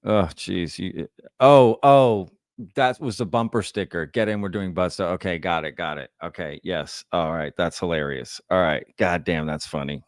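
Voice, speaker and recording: A man's voice: low voice, moderate pace, no echo, studio quality. A man hosting a live Q&A, reading chat comments aloud and laughing often. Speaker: livestream host.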